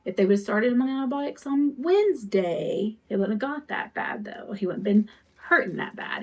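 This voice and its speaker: A custom cup shop owner chats with viewers on her crafting live stream, wandering from topic to topic while she works. She sounds animated, with a medium-pitched voice at a moderate pace.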